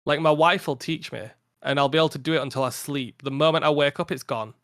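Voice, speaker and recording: A young man chats on a podcast, tired after a long day. His voice sits a bit higher than most men's and sounds dry and close on the mic. He rambles and laughs often, with a slightly flat delivery. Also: quick pace, no echo. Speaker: podcast guest, content creator. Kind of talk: casual podcast chat.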